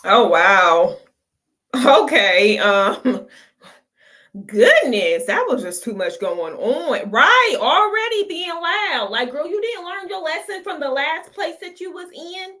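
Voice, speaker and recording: A woman's voice: high voice, sing-song, takes it slowly, sharp tone. A woman hosting a reaction video, talking unhurriedly and making blunt, profane asides. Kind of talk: casual reaction commentary.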